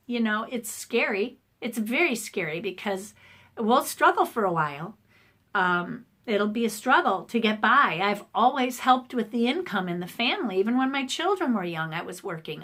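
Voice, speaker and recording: A middle-aged woman talking casually to the camera in a personal vlog, her voice going hoarse, emotional and rambling with many ums and restarts. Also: mid-range voice, a bit bright. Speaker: art channel host. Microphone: camera facing the speaker.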